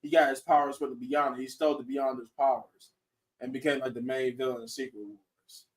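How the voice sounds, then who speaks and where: A man hosting a casual online show, talking in an excited, rambling way and laughing often. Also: mid-range voice, brisk. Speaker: show host. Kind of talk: casual chat reacting to viewers.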